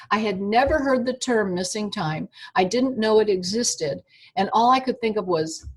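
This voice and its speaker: An older woman tells her own story as an interview guest, her voice slightly husky and sitting in a middle register. She narrates with animation and slips into the voices of the people she quotes. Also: medium pitch, lively intonation, normal speed.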